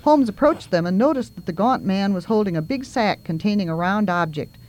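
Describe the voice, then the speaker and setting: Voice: medium pitch, lively intonation, fairly quick, a little mellow. Reader narrating a story aloud.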